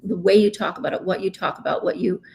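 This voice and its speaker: A woman's voice: mid-range voice, quick pace, gravelly, darkish tone, a little hiss or hum. A woman, a business coach, speaking as a podcast guest in an emphatic way, often asking "right?". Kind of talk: podcast interview.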